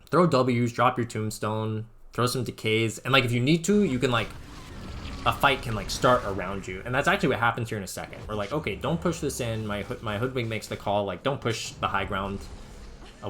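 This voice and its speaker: A man's voice: lowish voice, brisk, fairly bright tone, a little hiss or hum. A young man casually commenting on his own game footage as a coach, rambling and filling his talk with "like.". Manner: rambling, filler-heavy, says "like" constantly. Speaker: Dota coach analyzing his own gameplay.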